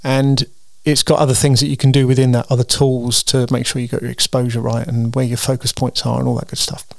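Male host, tired, gravelly voice, dry close sound, loose rambling monologue. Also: mid-range voice, level tone, fairly quick, no echo. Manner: chatty, meandering, with frequent ums and restarts. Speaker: host of a weekly solo show.

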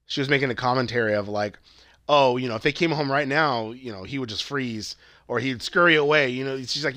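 A man's voice: mid-range voice, a little fast, bright, forceful tone, no echo, clean studio sound. A young man casually retelling a movie plot, acting out the characters' lines and swearing freely. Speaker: podcast co-host. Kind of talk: casual movie review chat.

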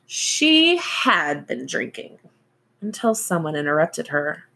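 A woman narrating a novel as an audiobook reader, in a slow, even storytelling manner. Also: low voice, gravelly.

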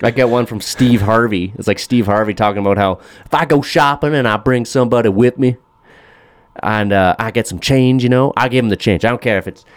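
A man's voice: mid-range voice, fairly quick, no echo, studio quality. A man co-hosting a casual podcast chat, sarcastic and profane, mocking what he sees online. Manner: sarcastic, swears a lot, mocks with put-on voices. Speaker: podcast co-host.

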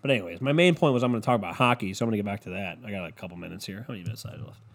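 A man with a lowish voice hosts a casual solo podcast, talking very fast. He rants animatedly, swearing a lot and doing mocking impressions of other people.

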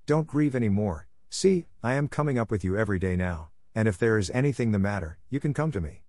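A man reading aloud voices an eager, tender little girl with a gentle, wide-eyed manner. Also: on the low side, expressive, quick pace, no room sound, clean studio sound, close to an everyday voice.

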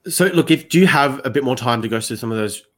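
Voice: medium pitch, expressive, fast talker. Hesitant host reading out questions. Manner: reads out audience questions, with hesitant fillers. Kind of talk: hosting a live online class.

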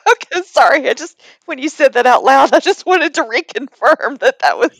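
A woman's voice: high voice, lively intonation, moderate pace, vocal fry, fairly bright tone, no room sound. A woman co-hosting a podcast, bluntly and teasingly arguing about movies in casual chat. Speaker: podcast co-host.

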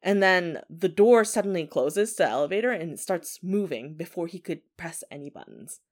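A woman tells a ghost story in a relaxed, conversational way. She often says 'like' as she talks. Her voice sits a little low. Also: moderate pace. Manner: chatty, filler 'like' often. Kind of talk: casual spoken ghost story.

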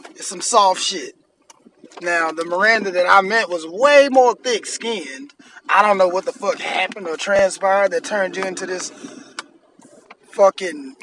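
A man's voice: sits high, sharp tone, slight background noise, poor audio. A man in his thirties hosting a podcast, ranting bluntly and profanely in an annoyed tone. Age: 30s. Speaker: podcast host. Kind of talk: solo podcast rant.

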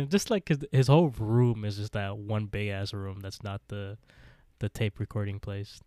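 A man's voice: on the low side, normal speed, mellow, no room sound. A man co-hosting a podcast, casually retelling scenes with frequent laughs and quoted dialogue. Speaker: podcast co-host. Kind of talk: casual recap chat.

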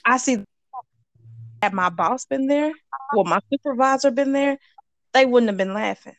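A woman's voice: fairly high pitch, normal speed, dry recording. A woman in casual chat, telling work stories with a laugh and loose slang. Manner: laughing storyteller, Southern US slang.

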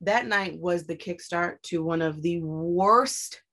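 A young woman candidly telling a personal story in casual conversation, swearing freely and jumping her voice up when she quotes herself. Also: slow pace. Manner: candid and profane, acts out her own quoted lines with sharp rises in pitch.

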